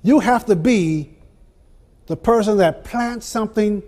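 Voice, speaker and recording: High-voiced older man giving a motivational speech. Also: a little mellow. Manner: rhythmic repetition and dramatic pauses; laughs through his stories. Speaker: motivational speaker. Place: event venue before an audience.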